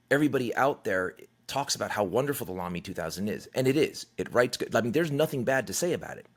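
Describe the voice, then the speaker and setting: A middle-aged man hosting a solo podcast, talking in a candid, conversational way, swearing freely and acting out quotes. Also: medium pitch. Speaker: podcast host. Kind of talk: casual solo podcast monologue.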